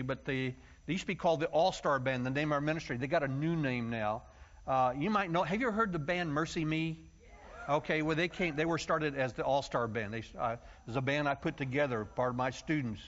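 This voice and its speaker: A preacher tells his story in a folksy, lively way. His voice sits a little high for a man. The recording sounds muffled and lo-fi. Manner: storytelling, folksy and animated, acts out shouting congregants. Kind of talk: sermon. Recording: muffled low-fidelity sound.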